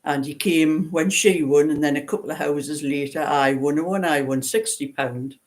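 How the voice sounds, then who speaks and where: A woman's voice: deep voice, moderate pace, a little mellow. A woman in her seventies with a light Geordie accent, rambling and chatting as she hosts a live stream, often breaking into laughs. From Newcastle, northeast England. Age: 70s. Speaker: knitting channel host. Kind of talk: casual livestream chat.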